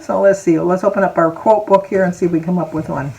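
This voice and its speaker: A woman's voice: on the low side, steady tone, fast talker, vocal fry, mellow, lo-fi sound, a little hiss or hum. A woman in her sixties telling a personal story to her viewers in a chatty, rambling way, close to tears and laughing now and then. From Michigan, USA. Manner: chatty and rambling, drifting off topic with asides and laughs. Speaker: vlogger. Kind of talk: casual personal storytelling to camera.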